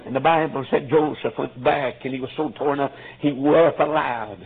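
A man preaching an impassioned storytelling sermon, fervent, with frequent fillers and sudden shouts, in a tinny, lo-fi recording. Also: medium pitch, steady tone, moderate pace, gravelly, a little hiss or hum.

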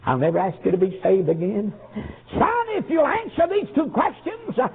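Casting: a pleading, tearful churchwoman , as a gravelly male preacher puts her on, tinny lo-fi line. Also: low voice, big pitch swings, fairly quick, exaggerated voice. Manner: earnest, imploring repetition. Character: tearful pleading church nurse, middle-aged woman. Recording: tinny lo-fi phone-like recording.

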